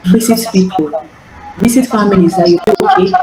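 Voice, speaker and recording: A woman's voice: mid-range voice, sing-song, a little fast, crowd noise. A woman giving an earnest, repetitive live coaching talk over call audio. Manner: earnest, repeats phrases, stammers on restarts. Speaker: healing coach. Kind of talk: live online teaching talk. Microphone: online call audio. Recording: echoey, noisy call audio.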